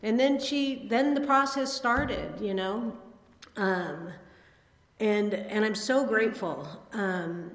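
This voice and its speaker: Speaking slowly at a medium pitch, a woman in her sixties tells her personal recovery story at a meeting. It's rambling and self-deprecating, with plenty of fillers and restarts, and the hall around her echoes with long reverb.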